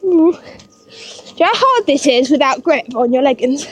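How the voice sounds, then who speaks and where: A woman's voice: sits high, expressive, moderate pace, slight background noise. A woman in casual vlog chat about her ponies, chatty and giggling nervously as she rides. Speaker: pony owner vlogging her yard. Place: outdoor yard and riding pen.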